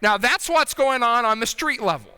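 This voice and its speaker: High, bright-voiced preacher man in a reverberant hall. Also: animated, normal speed, clean tone. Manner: conversational, checks in with the congregation. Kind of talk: sermon. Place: church sanctuary.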